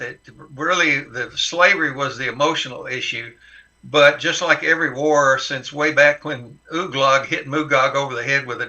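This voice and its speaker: An older man from Tennessee guests on a talk show. He speaks with a very bright, tense tone, pitched a little high. He tells his points with folksy wit. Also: lo-fi sound. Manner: folksy, wry storytelling. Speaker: guest, historic site caretaker. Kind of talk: interview answers.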